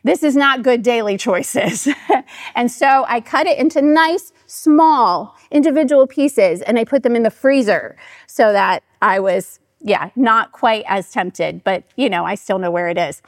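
A woman's voice: a little high, unhurried, dry recording, clean studio sound. A middle-aged woman, a pastor's wife, giving a chatty storytelling talk to her church and acting out what people said. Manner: chatty and animated, acting out quoted voices.

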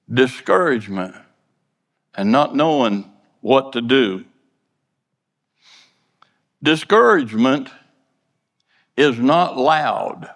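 A man preaching a sermon at an unhurried, deliberate pace, his slightly high voice carrying into the long reverb of a large church hall. He talks in a folksy, plainspoken way, earnestly repeating and stammering over words as he goes. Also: a bit bright.

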